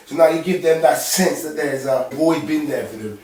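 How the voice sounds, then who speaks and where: A man's voice: on the high side, normal speed, a little mellow. A man talking casually, rambling in street slang with lots of tag questions as he gives advice as a dad. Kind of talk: casual monologue. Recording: echoey room from far off.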